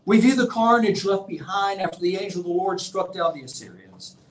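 A man preaching a sermon as a visiting pastor, emphatic, swinging from forceful outbursts to quiet, low-voiced stretches. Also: fairly quick, echoey room, poor audio. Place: church sanctuary.

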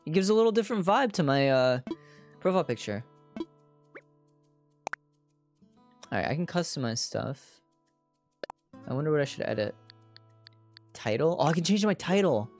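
A woman streaming a video game, talking through every step in a lively voice that swoops up and down. She chats casually and throws in sudden squealing shouts, with soft game music playing faintly behind her. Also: low voice, unhurried, pauses often. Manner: chatty narration of her own actions, with sudden squealing outbursts. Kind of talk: casual livestream gameplay commentary.

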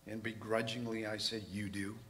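A man preaching in a church, his low voice carrying a bright, forceful edge. He tells a personal story candidly, poking fun at himself as he goes. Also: level tone, moderate pace, a little hiss or hum. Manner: candid, self-mocking storytelling.

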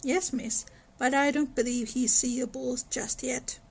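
A young housemaid from an old novel, answering politely in countrified grammar, as a woman reads her part. The voice sits high and sounds husky and gravelly. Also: steady tone, unhurried, heavily acted, rough recording. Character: female housemaid, young, plain-spoken servant.

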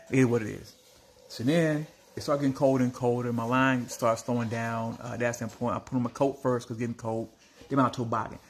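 A man tells his viewers a story in a loose, blunt, animated way. His voice sits at an ordinary middle pitch. A faint hiss of noise runs under the recording. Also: fairly quick. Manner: animated, blunt, addresses listeners as family. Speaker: small business owner vlogging.

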